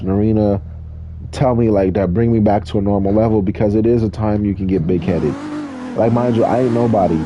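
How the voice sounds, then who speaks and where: A man's voice: lowish voice, background noise. A man from California, a drift driver, telling rambling, profane stories in casual chat while gaming.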